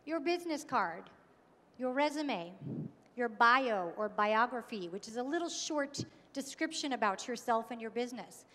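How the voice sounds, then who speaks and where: A woman with a high voice delivers a keynote in a conference hall, and her words ring out with a long hall reverb. She speaks in an engaging way and keeps asking the audience questions. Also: expressive, moderate pace, a bit bright. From New York.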